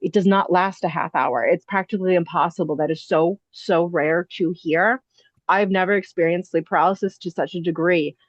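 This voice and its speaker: A woman's voice: on the low side, moderate pace, dry recording. A woman, an inn owner and podcast guest, telling a personal ghost story in a breathless, rambling way full of "like" and "you know". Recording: dull, dry lo-fi audio.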